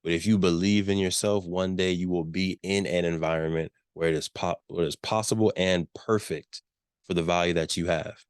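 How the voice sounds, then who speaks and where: A man's voice: low voice, steady tone, moderate pace, smooth, no room sound, clean studio sound. A man giving a business workshop talk, emphatic, repeating key questions and checking in with his listeners. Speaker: workshop presenter.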